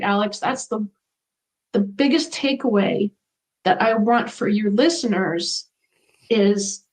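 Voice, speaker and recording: A middle-aged woman speaks as an interview guest, earnest and reflective. Her voice sits a little higher than most women's. She talks in a conversational way about her own experiences. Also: rough recording.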